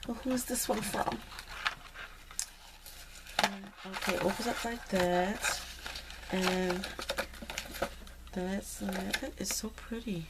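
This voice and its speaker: Over very noisy audio, a woman talks slowly with a medium pitch, vocal fry and long pauses while unboxing crafted cards. The crafting vlogger is delighted and gushing in this casual happy-mail video, saying "y'all."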